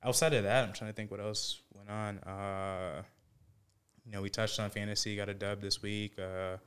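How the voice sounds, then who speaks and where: A man co-hosting a podcast, giving a relaxed recap full of fillers in casual chat. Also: fairly low pitch, moderate pace, clean tone. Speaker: podcast co-host.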